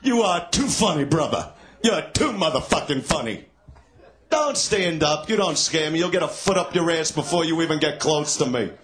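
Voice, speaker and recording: A man working the crowd as a stand-up comic, swinging between a low, mocking murmur and loud, high jeering. His pitch sits high for a man and leaps around a lot. He is crude and taunting throughout. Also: animated, moderate pace. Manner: crude, taunting, shouts and laughs at hecklers. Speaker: stand-up comedian. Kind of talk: crowd-work insult comedy.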